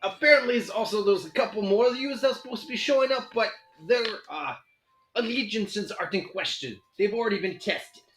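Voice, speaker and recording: A man's voice: high-pitched, a little fast, fairly bright tone, roomy sound, faint music behind, voice pushed up. A man voicing a small, scheming male kobold who acts as a mob envoy, with a brash mobster swagger.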